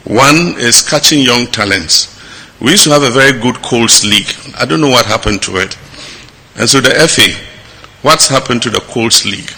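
Gravelly Ghanaian man giving a speech. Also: medium pitch, animated, bright, forceful tone. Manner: measured, halting with fillers, grows emphatic. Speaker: head of state giving a speech. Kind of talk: public speech.

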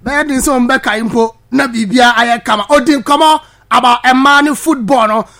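A man with a Ghanaian accent presenting sports news, lively, switching between his local language and English. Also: very high-pitched, moderate pace. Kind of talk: news commentary.

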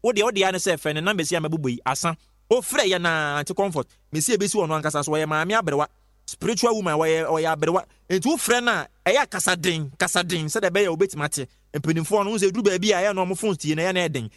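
A man presenting an advert on radio, fast and insistent, repeating his phrases. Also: sits high, fairly bright tone, no echo, clean studio sound. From Ghana. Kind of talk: hyped radio advert pitch.

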